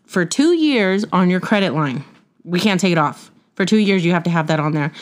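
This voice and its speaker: A woman hosting a podcast, telling a casual, blunt story about difficult customers and swearing freely along the way. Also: lowish voice. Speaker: podcast host.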